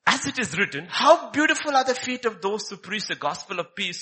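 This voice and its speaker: A man's voice: high-pitched, big pitch swings, fairly quick, hardly any pauses, sharp tone. A man preaching a sermon, emphatic and repetitive, firing off rhetorical questions. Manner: emphatic, repeats key phrases, rhetorical questions.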